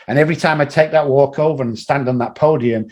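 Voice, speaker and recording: An addiction recovery coach appearing as a guest, he talks at a quick pace in a mid-range voice, telling motivational stories with animation and voicing the different people in them.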